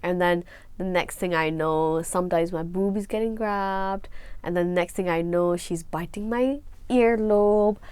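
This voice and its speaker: A woman's voice: fairly low pitch, a little slow, darkish tone, smooth, no echo. A young woman with a Nepali accent, co-hosting a podcast and telling a story in a frank, indignant way. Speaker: podcast co-host. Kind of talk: casual chat.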